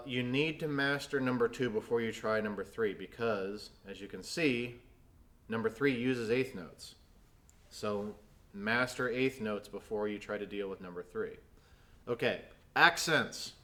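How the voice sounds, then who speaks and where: A man's voice: mid-range voice, a bit bright. A man teaching snare drum in a video lesson, explaining technique patiently and counting aloud as he demonstrates.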